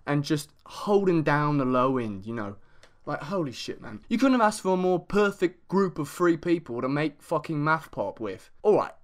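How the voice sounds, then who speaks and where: Guy reviewing music in a fake english accent, swears a lot, voice jumps all over. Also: a little high. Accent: put-on English accent. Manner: excitable and sweary, lots of fillers. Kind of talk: casual music review monologue.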